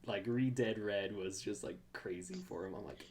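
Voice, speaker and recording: A podcast host in casual fan chat, excitable and rambling, full of fillers and restarts. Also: low voice, normal speed, crowd noise.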